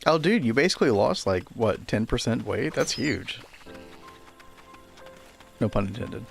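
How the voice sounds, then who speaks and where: A laid-back man jokes casually beside a game stream. His voice is gravelly with plenty of vocal fry, and faint game music plays behind. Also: mid-range voice, expressive, a little slow. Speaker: streamer's partner, co-host. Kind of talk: casual chat.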